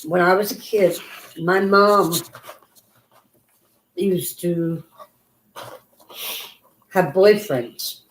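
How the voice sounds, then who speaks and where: Slow-talking woman in an echoey room. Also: lowish voice, slight background noise. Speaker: interviewer. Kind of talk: casual conversation.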